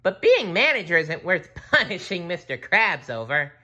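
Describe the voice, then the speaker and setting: SpongeBob, a squealing excitable sponge. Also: male voice, sits high, normal speed, pitched above the performer's own voice, heavily acted. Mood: eager. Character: eager cheerful young sea sponge, male. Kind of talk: storybook reading.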